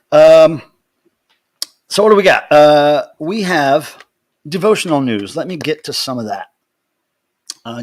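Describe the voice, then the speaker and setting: A man hosting his weekly livestream from home, casually greeting viewers by name and rambling through announcements. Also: a little high. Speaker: livestream host.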